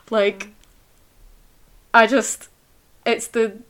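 A woman talks casually about a novel she loves. She sounds amused and halting, with plenty of fillers, and her pitch sits at a middling level. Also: a bit bright.

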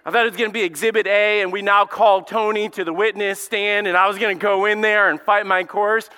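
A man's voice: high-pitched, fairly even intonation, fairly quick, bright, forceful tone, clean tone, long reverb tail. A male pastor from Alabama with a Southern accent, preaching a conversational sermon and telling stories with lots of fillers and restarts. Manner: casual storytelling with many fillers and restarts. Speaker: lead pastor.

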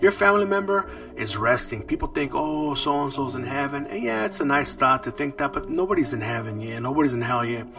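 A man's voice: medium pitch, expressive, fast talker, few pauses. Profane, rambling man. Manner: profane, rambling street slang. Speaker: podcast host. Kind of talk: casual storytelling. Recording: distant mic with loud music behind.

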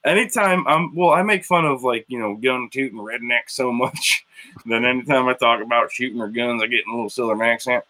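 A man from Wilmington, Illinois, USA co-hosts a casual podcast chat about a TV show, rambling and repeating himself as he tells stories. His voice is medium in pitch, brisk, pushed and bright.

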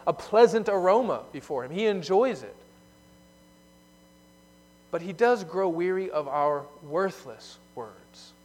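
A male pastor delivers an expository sermon in a fairly high voice. He swings from forceful emphasis to hushed, quiet asides. The sound carries a long reverb, as in a large hall. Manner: explanatory preaching, shifting from loud emphasis to hushed asides.

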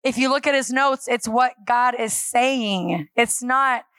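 A woman speaking at a church on a handheld microphone, giving a lively, self-deprecating sermon that acts out her talks with God. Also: on the high side, measured pace, no room sound. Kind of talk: conversational sermon. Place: church stage.

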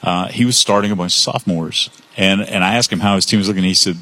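An older man, a part-time sports photographer, telling stories in a relaxed interview. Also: deep voice, fast, slight background noise. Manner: chatty storyteller, repeats words when starting. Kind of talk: casual interview chat. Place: live show at a restaurant.

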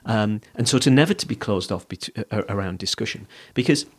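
A man's voice: lowish voice, fairly quick, husky. A man co-hosting a podcast in casual chat, reflective and rambling, thinking aloud with frequent restarts. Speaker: podcast co-host.

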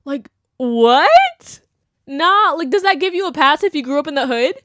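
Young female podcast host, casual and blunt, mocking tone, slightly high pitch. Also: unhurried, no room sound, studio quality. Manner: blunt, animated, mocking quotes. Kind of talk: casual opinion chat.

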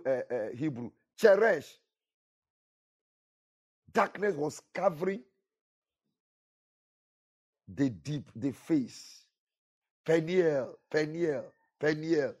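A man's voice: on the high side, lively intonation, slow, long pauses, a little mellow. A man preaching a sermon with emphatic, repetitive delivery, rising and falling for effect. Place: church.

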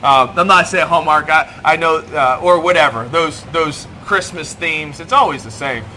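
A man's voice: on the high side, moderate pace, pushed and bright, a little hiss or hum. A middle-aged man preaching in a church, joking and self-deprecating as he talks to the congregation. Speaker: pastor. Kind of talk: sermon. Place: church hall.

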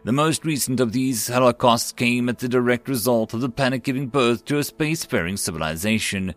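A man's voice: medium pitch, fairly quick, soft background music, close to an everyday voice. A man voicing a gaunt male alien psychic who reports to a council in a thin, nasal, formal voice. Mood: grave.

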